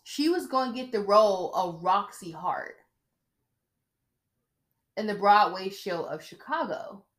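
A woman's voice: mid-range voice, lively intonation, measured pace, long pauses. A woman hosting a podcast, talking in a blunt, chatty way about reality TV, often checking in with "okay?". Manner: blunt, chatty, emphatic with frequent "okay?" asides. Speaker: podcast host. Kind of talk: casual gossip commentary.

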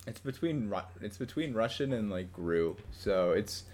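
A young man co-hosting a casual podcast, talking in a rambling, halting way and laughing often. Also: fairly low pitch, animated, darkish tone. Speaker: podcast co-host. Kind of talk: casual chat.

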